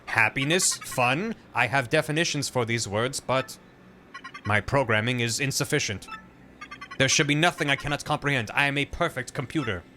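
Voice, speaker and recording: A proud talking computer, played by a man, speaking in slow, flat, formal sentences. It sounds precise and self-assured, with a bright, forceful tone and a faint hiss behind it. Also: mid-range voice, natural voice. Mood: stiff, formal. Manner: stiff, measured robotic delivery.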